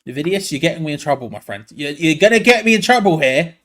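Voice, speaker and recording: Excitable young fan commentator, higher voice. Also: male voice, fast. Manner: animated and excitable, laughing, frustrated groans. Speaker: fan watch-along host.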